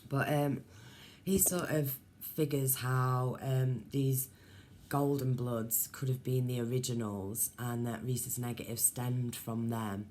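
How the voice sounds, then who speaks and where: A woman's voice: a bass voice, fairly even intonation, slow, dark tone, a little hiss or hum. A woman vlogger rambling casually to her viewers, musing aloud with many ums and asides.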